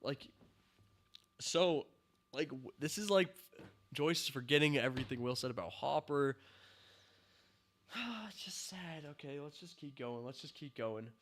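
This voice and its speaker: A man ranting as he reviews a TV show, his voice bright and forceful with a slightly high pitch. He talks slowly and drawn out, full of exasperated sighs and disbelieving laughs. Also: animated. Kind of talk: ranting commentary.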